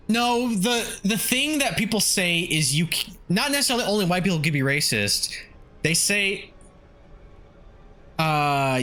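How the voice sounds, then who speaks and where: Animated young man streaming a game. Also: fairly high pitch. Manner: animated, swears and yelps at the game, laughs often. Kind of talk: casual gameplay livestream chat.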